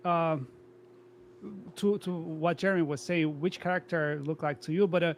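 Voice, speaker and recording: Man co-host, slightly high voice, halting questions, low hum on the line. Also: fairly even intonation. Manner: halting, loses track of his question. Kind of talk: casual podcast chat.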